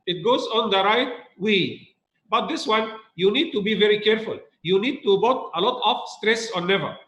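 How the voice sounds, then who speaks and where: High-voiced man teaching grammar, echoey room. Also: normal speed, a bit bright, muffled recording. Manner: repeats points, asks students rhetorical questions. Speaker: English teacher. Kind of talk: recorded grammar lesson.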